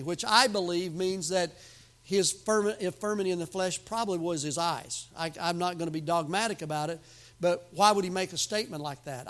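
A man preaching a sermon as pastor, emphatic, with sudden loud outbursts and folksy humor. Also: sits high, moderate pace.

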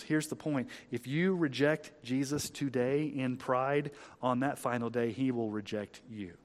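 A male pastor preaching a sermon, swelling loud on key lines and dropping low, reading scripture slowly and with emphasis. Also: steady tone.

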